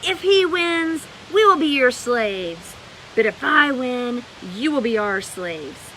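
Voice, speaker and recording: A woman voicing a boastful, bullying male giant soldier in a storybook reading, with a loud, slow, taunting bellow. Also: a little high, sing-song, slight background noise, full character voice, rough recording.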